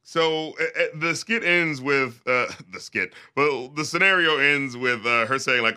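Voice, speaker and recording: A man's voice: medium pitch, measured pace, hardly any pauses, pushed and bright, clear, resonant tone. A man chatting casually about a film, rambling and swearing, often slipping into quoted lines. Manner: rambling, profane, acts out quotes.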